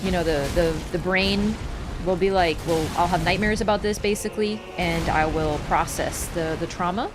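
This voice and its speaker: A woman's voice: fairly low pitch, fairly even intonation, moderate pace. A woman streamer chatting casually and ranting as she plays, swearing freely. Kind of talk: casual gameplay commentary. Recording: game music playing under the voice.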